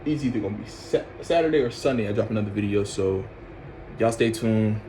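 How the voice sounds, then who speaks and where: Young man, casual storytime vlogger, lively, acts out his reactions. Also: fairly quick, a little hiss or hum. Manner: animated storyteller, acts out his own reactions with loud high outbursts and laughs.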